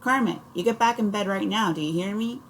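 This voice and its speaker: A woman's voice: mid-range voice, brisk, a little hiss or hum, pitched above the performer's own voice, close to an everyday voice. A woman voicing an exasperated, short-tempered mother who scolds her children.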